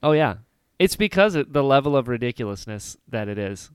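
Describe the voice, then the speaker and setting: A man co-hosts a casual film podcast with a smooth, resonant voice. He sounds animated and laughs often as he talks. The sound is close and dry. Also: mid-range voice, a little fast, no echo. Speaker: podcast co-host. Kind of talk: casual chat about a film.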